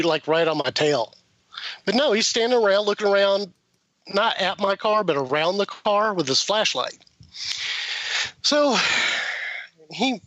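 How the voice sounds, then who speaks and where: A man's voice: sits high, no echo. A man, a guest on a podcast, telling a long story in a casual way, laughing as he goes and acting out the people he quotes. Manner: animated, laughs while telling, acts out quoted voices. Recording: slightly muffled dry podcast recording.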